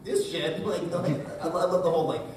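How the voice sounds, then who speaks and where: On a convention panel, this voice actor fields questions in a relaxed way, cracking jokes and switching into character voices with a slightly high voice at a quick pace. The sound comes from a far-off mic in a large, echoing hall, with noisy crowd ambience throughout.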